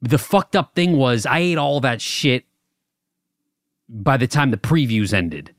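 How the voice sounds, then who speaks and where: A man's voice: medium pitch, expressive, a little slow, dry recording, studio quality. Rambling young man telling a story. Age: young adult. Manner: rambling, stammers and restarts, laughs at own stories. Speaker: podcast co-host. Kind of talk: casual chat.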